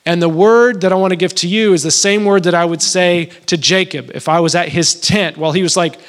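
A man's voice: fast, few pauses, fairly bright tone. Impassioned married man preaching a sermon. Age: adult, married. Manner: emotional, builds to pleading high-pitched emphasis; conversational storytelling with restarts. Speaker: pastor.

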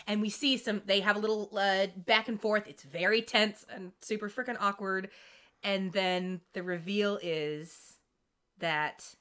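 Bright-voiced woman podcast co-host. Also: medium pitch, a little slow. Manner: chatty, animated, with frequent asides. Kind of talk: casual recap chat.

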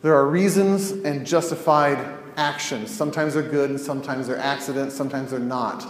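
A man's voice: medium pitch, fairly even intonation, normal speed, slight background noise. A male counselor teaching in a conversational way, telling scenarios and asking rhetorical questions. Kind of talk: teaching podcast talk. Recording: echoey room with long reverb.

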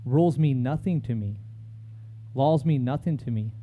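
A man delivers a sermon in a conversational way, stopping to read scripture aloud. His voice sits at an ordinary pitch for a man. The recording is dull and lo-fi. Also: moderate pace. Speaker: preacher.

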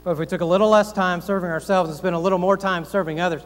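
Male pastor, folksy sermon voice, slightly high, heard in a long-reverb church hall. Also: fairly even intonation, very fast. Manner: earnest, folksy, rhetorical questions, self-deprecating asides.

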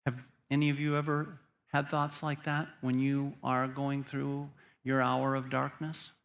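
A man's voice: medium pitch, monotone, measured pace, creaky, a bit bright. A man preaching a sermon as pastor, earnest and building to emphatic peaks.

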